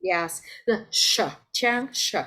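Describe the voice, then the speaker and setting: Woman, Vietnamese accent, English teacher, video call, slow, patient, encouraging. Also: medium pitch, pushed and bright. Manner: patient, encouraging, calls on students by name. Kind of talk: online class teaching.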